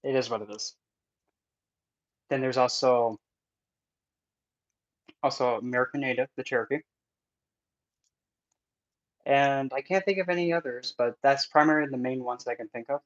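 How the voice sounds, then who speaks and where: Male vlogger for a casual Q&A, jokey and rambling, mid-pitch, in-ear mic. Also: normal speed, pauses often, lo-fi sound. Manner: rambling, jokey, self-interrupting. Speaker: vlogger and spiritual instructor. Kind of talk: casual Q&A chat. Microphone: in-ear headset mic.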